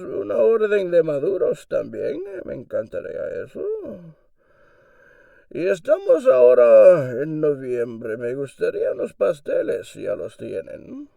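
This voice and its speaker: A man doing an impression of a masked male villain, speaking in a slow, calculated sing-song through a cup for a muffled tin-can sound, with a Castilian Spanish accent. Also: a little high, huge pitch swings, gravelly, warm tone, no echo, full character voice. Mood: menacing polite.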